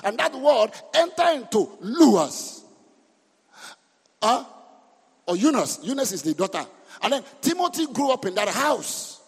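A man preaching a sermon as pastor, lively and breaking into sudden shouts. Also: very high voice, unhurried, long pauses, breathy edge. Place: church hall. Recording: reverberant church hall.

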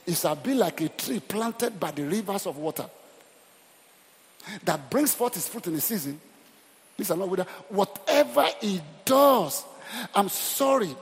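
A middle-aged Nigerian man preaching in a church hall, his somewhat high voice ringing with a long reverb. He talks emphatically, repeats himself, and keeps turning to the congregation with questions. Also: moderate pace, long pauses. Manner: animated and emphatic, repeats phrases, asks the crowd questions. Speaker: pastor. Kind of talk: sermon.

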